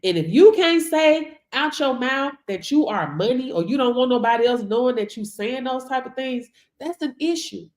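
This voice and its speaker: A woman's voice: sits high, animated, moderate pace, few pauses, a little mellow, reverberant. A woman in giving a sassy, preachy motivational talk to her livestream viewers, calling them baby. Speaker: livestream business mentor.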